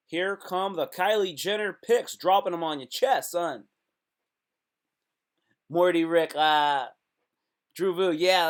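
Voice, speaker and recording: A man hosts a casual live stream from his computer, his voice sitting a little high for a man. He chats to his viewers and reads out their comments. He swings between quiet asides and sudden loud outbursts. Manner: animated, talks to himself and chat, sudden loud outbursts.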